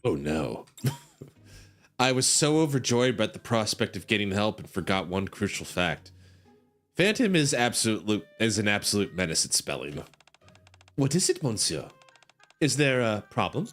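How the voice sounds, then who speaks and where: A man's voice: on the low side, sing-song, moderate pace, pauses often, a bit bright, faint music behind. A man streaming, casually reading a game story aloud, giggling, rambling and stumbling over words.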